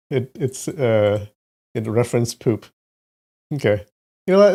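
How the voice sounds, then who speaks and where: A man's voice: medium pitch, lively intonation, unhurried, pauses often. A man hosting a casual livestream, chatting to his viewers while he types, with restarts and muttered asides. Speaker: livestream host.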